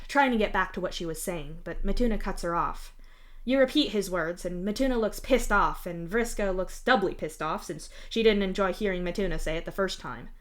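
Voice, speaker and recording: A woman streamer reading fan fiction aloud live, in steady narration with the odd small restart. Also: mid-range voice.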